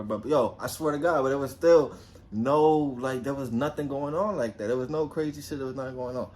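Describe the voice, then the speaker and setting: A young man from New Jersey telling a personal story in a casual, animated way, swearing freely and acting out quotes in a raised voice. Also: medium pitch.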